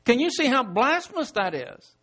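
A man's voice: very high-pitched, very animated, normal speed, sharp tone. A man preaching a verse-by-verse Bible sermon in a conversational way, asking rhetorical questions and chuckling as he explains. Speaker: Bible teacher.

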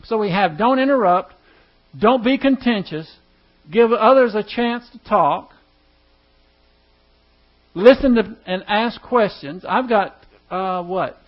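A man's voice: high-pitched, expressive, slow, long pauses. A man teaching a class in a conversational way, putting questions to his listeners. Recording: dull lo-fi recording.

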